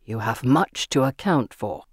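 Narrator playing a sly brotherhood contact: low, cheery, conspiratorial storybook voice. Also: lively intonation, unhurried, breathy edge, no echo, studio quality. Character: man of a secret brotherhood greeting a recruit.

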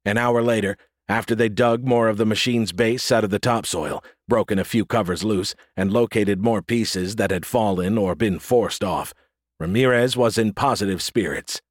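A man narrates an audiobook with an even, clear storytelling delivery. His voice sits fairly low. The recording is dry and close. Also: normal speed, no echo. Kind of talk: scripted narration.

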